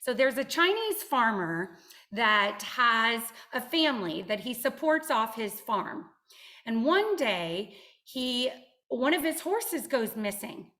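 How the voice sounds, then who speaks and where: A woman guest speaker giving a motivational talk on a video call, telling stories in an animated, emphatic way. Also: fairly high pitch, takes it slowly. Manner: animated storytelling, direct and emphatic.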